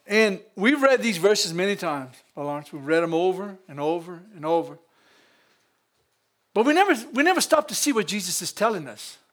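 Louisiana pastor, high-pitched male voice, lively preaching style. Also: fairly quick. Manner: lively preaching with frequent laughs and call-outs to the congregation. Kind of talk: sermon.

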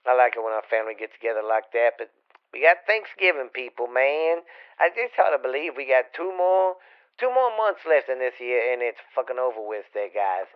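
A man's voice: mid-range voice, sing-song, brisk, smooth. A man, a regular podcast guest, rambling in folksy, profane casual chat. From Louisiana, US. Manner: rambling, profane, folksy, calls listeners babies. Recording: dull lo-fi recording.

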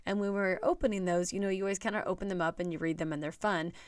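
A woman's voice: lowish voice, fairly even intonation, racing, no echo, studio quality. A woman coach giving a chatty, earnest motivational talk straight to her viewers.

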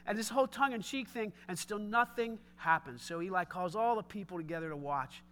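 Guy preaching, super animated storyteller, really high bright voice. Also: fairly quick. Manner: animated storytelling, casual asides. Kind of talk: sermon.

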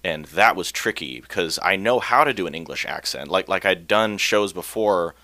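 A man talking casually about acting in a stage play, telling his story with laughs and quick asides. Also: sits low, lively intonation, pushed and bright, no room sound. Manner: chatty, laughs often, acts out quoted voices. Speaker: community theater actor, guest. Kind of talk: casual interview chat.

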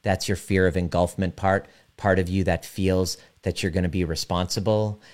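A man working as a relationship coach, talking directly and emphatically to a live audience and slowing down to guide a visualization. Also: deep voice, flat delivery, a little mellow, clean tone.

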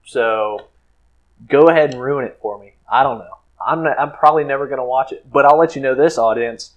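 A man's voice: mid-range voice, a little fast, highs cut off. A man co-hosting a podcast, talking casually with mock-dramatic, playful complaints. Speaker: podcast co-host. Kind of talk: casual chat.

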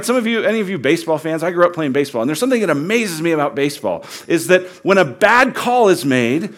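A man preaching with a slightly high-pitched voice. He moves between a quiet, confiding hush and loud, almost shouted emphasis. He talks earnestly and conversationally, weaving in personal stories. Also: big pitch swings, fast talker, few pauses. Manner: swings from hushed, quiet delivery to loud, near-shouted emphasis. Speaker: pastor. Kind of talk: sermon.

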